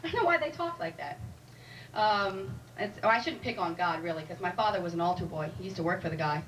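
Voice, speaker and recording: A woman's voice: on the low side, lively intonation, quick pace. A woman doing a stand-up comedy set in a club, chatty and wry, teasing the audience. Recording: live room recording from a distant mic with audible noise.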